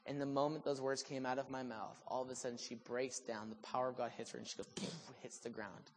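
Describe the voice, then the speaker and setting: A man preaching a sermon, telling a healing story with animated delivery that swings from loud excitement to hushed, sober moments. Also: mid-range voice, quick pace, slight background noise. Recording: long reverb of a large hall.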